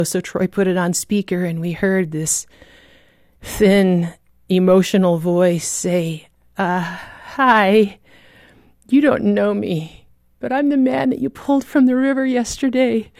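A woman's voice: lowish voice, darkish tone, no room sound, clean studio sound. A woman recounting a dramatic personal rescue story as a guest, vivid and emotional in her telling.

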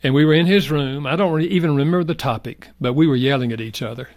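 Un homme âgé, invité d'une émission, raconte avec sincérité et douceur une histoire personnelle. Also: male voice, a little high, quick pace, no room sound. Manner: earnest, soft-spoken, reflective. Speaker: guest. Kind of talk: heartfelt personal storytelling.

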